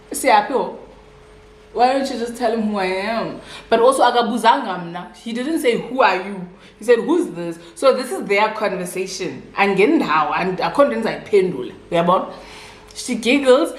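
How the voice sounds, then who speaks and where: A young South African woman with a Xhosa-influenced accent, telling a casual storytime while eating, chatty and animated. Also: mid-range voice, roomy sound. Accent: South African, Xhosa-speaking. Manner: chatty, code-switching, animated retelling. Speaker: vlogger.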